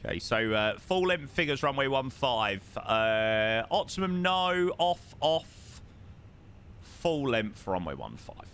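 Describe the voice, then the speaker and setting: A man's voice: mid-range voice, very animated, slow pace, a bit bright, clear, resonant tone. A man with a southern English accent chatting casually on a live stream, reading out viewer messages and swearing freely. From southern England. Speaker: flight sim streamer.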